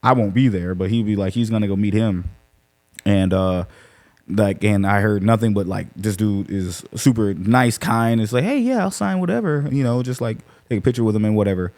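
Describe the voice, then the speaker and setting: A man on a podcast, chatting casually and retelling a scene in a loose, animated way, with lots of swearing. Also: fairly low pitch, normal speed. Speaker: podcast panelist. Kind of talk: casual profane chat.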